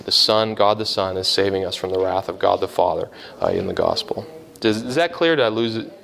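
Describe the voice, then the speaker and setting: A man's voice: medium pitch, fairly bright tone. A man preaching a conversational sermon, explaining a Bible passage in an earnest, teaching manner with frequent fillers and restarts.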